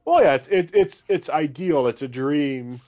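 Relaxed man on a dull lo-fi line. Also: fairly high pitch, measured pace. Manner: relaxed, joking, restarts often. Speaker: podcast host. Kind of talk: casual sports podcast chat. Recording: dull lo-fi audio.

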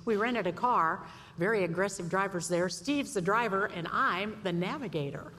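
A woman giving a storytelling sermon to a women's audience, animated and acting out voices. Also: medium pitch, moderate pace. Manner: lively storyteller, acts out voices. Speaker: speaker at a women's event. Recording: echoey hall, faint room noise.

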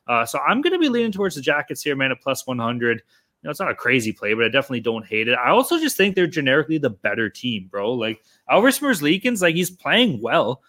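A man's voice: medium pitch, big pitch swings, fast, sharp tone. A man co-hosting a sports betting podcast, chatting casually and swearing often. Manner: loose, swears often, joking. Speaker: podcast co-host.

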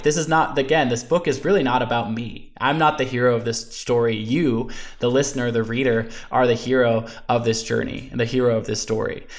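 A man talking as a podcast guest, telling personal stories in an earnest, animated way and often saying "you know" and "like.". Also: mid-range voice. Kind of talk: conversational storytelling interview.

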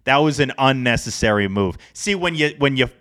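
Podcast guy rambling about his team, bright tense voice, lots of restarts. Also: medium pitch, a little fast. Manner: animated, rambling, self-deprecating. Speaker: podcast co-host. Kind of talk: casual sports podcast chat.

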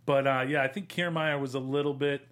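A man in a relaxed sports chat, talking loosely with plenty of fillers. His voice sits at an ordinary middle pitch. He slips into playful, higher voices to act out what others said. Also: a little fast. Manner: animated, acts out players' quotes in higher voices. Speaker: podcast co-host.

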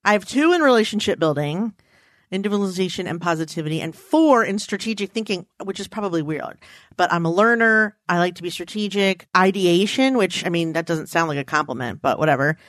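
A woman co-hosting a casual chat, playful and animated, her pitch jumping up when she gets excited. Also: brisk, dry recording, clean studio sound.

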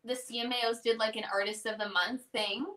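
A woman's voice: on the high side, fairly quick, distant mic. A young woman guest, one half of a music duo, telling stories in a casual interview chat and acting out past exchanges. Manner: animated storyteller who acts out past exchanges.

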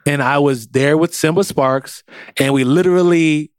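A man co-hosting a casual podcast about movies, talking in an animated way and jumping his voice up high when he mocks something. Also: moderate pace, clear, resonant tone, dry recording, studio quality. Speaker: podcast co-host.

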